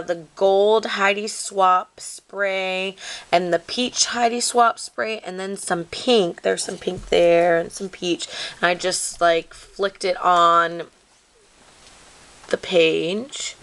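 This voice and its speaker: A woman with a fairly low, gravelly, fairly bright voice casually walks through her scrapbook craft project. The craft video maker rambles with plenty of "like" and "um," apologizing for filming mishaps.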